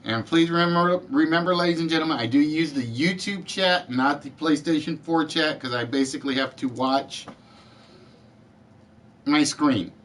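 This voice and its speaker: A man hosting a live-streamed word game show, calling out letters and players' answers in a deliberate, friendly patter. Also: on the high side, fairly bright tone, a little hiss or hum. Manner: deliberate, spells out letters and addresses players by name.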